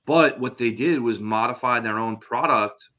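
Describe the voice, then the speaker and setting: Bright-voiced man explaining on a podcast. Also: medium pitch, normal speed. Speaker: podcast co-host. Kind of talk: casual chat.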